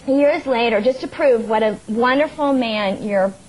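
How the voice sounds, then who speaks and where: A woman from the United States, a talk show guest telling stories in an animated, laughing way. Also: a little high, a little slow, low-quality recording. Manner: animated storyteller, laughs often, acts out quotes. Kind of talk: casual chat, telling anecdotes. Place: TV studio with audience.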